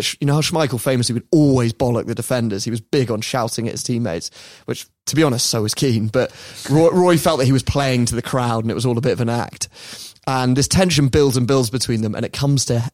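Man telling a lively story. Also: medium pitch, no room sound, studio quality. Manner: lively, laughs often, mimics people in quotes. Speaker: podcast host telling the story. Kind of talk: casual storytelling chat.

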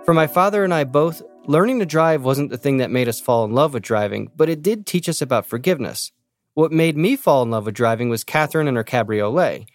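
A man hosting and narrating a show in a measured, scripted delivery. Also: medium pitch, lively intonation, no room sound. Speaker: host and narrator. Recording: dry close studio sound. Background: soft music.

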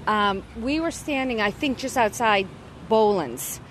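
A woman's voice: fairly high pitch, expressive, unhurried, slight background noise. A woman in her sixties with an American accent, telling a story in an outdoor interview with a few ums. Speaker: guest. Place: outdoors in a town square.

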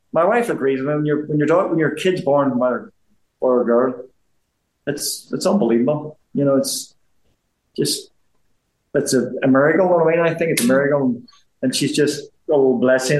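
A man's voice: a little high, a little mellow, reverberant, rough recording. A man in his fifties with a Belfast accent, a former boxer chatting as an interview guest, rambling and often restarting his sentences. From Belfast, Northern Ireland. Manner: rambling, repeats himself, frequent restarts. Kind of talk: casual interview chat.

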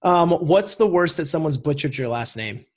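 A man's voice: a little high, lively intonation, darkish tone. Teasing man hosting a podcast. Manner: teasing, runs a quick-fire question round. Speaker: podcast host. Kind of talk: casual interview chat.

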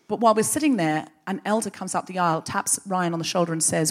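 A woman host telling a comic story live on stage into a microphone, brisk and wry, with dry asides. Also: lowish voice. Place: live stage before an audience.

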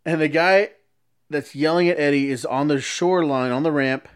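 A man's voice: a little high, normal speed, clean tone. Rambling man telling a story. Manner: rambling, restarts to explain. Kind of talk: casual storytelling.

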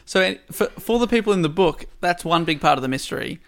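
A man's voice: high-pitched, expressive, quick pace, creaky, a bit bright. A man co-hosting a casual chat, retelling a detective story with playful asides and frequent laughs. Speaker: podcast co-host.

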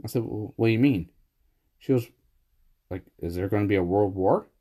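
A man chatting casually on a podcast, telling animated stories and laughing often. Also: on the low side, moderate pace. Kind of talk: casual chat.

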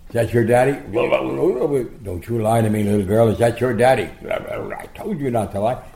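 A playful, booming heavyweight boxer who teases and mock-scolds with big swagger, as a storyteller puts him on. The voice jumps well above his gravelly everyday tone and comes out loud. It echoes through a roomy space. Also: normal speed, natural voice. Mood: mock-scolding. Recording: roomy echo.

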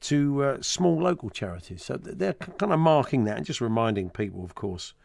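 A man's voice: medium pitch, big pitch swings, a little fast, creaky, darkish tone, no echo. A man co-hosting a sports radio show, bantering jokily and teasing his co-host. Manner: jokey, teasing, chatty. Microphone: studio microphone.

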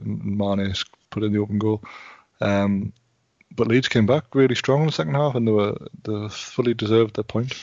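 A man with a husky, low voice riffs on football in casual podcast chat. He is wry and rambling and keeps restarting his sentences. The recording is dry and sounds muffled. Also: a little mellow, no echo. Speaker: podcast pundit. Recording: muffled lo-fi audio.

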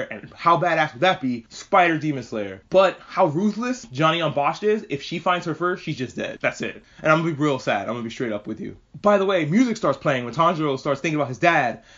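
Excitable, swearing man, lo-fi recording. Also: a little high. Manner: excitable, profane, gushing. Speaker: anime reviewer. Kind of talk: casual spoken review. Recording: dull lo-fi recording.

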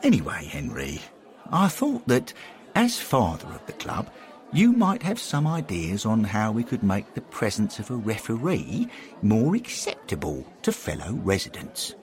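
A man's voice: fairly low pitch, wildly swooping pitch, a little slow, a faint crowd. A man voicing an earnest, helpful man who guides a newcomer, in a raised, eager voice. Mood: polite.

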